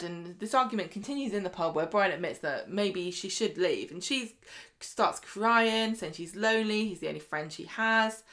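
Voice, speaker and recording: A woman's voice: mid-range voice, lively intonation, normal speed, few pauses, sharp tone. A woman co-hosting a podcast, recapping a soap in casual chat and laughing often. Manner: chatty, laughs often, acts out characters' lines. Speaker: podcast co-host.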